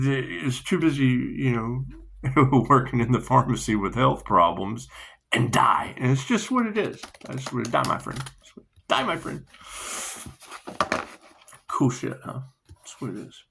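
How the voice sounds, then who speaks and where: A man hosting a rambling spiritual monologue, repeating himself, laughing often and dropping into soft asides. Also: mid-range voice, gravelly, a little hiss or hum. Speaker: spiritual video host.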